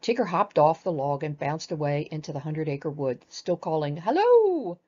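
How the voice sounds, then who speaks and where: An older woman reading a children's storybook aloud in a gentle, expressive manner. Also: deep voice, normal speed, muffled recording.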